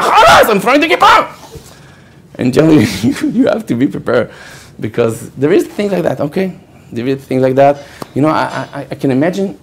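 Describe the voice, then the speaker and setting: This is a storytelling Torah lecture given live by a rabbi, a native Hebrew speaker with a fairly high-pitched voice. He animates the tale by acting out quoted voices and keeps punctuating it with "okay?".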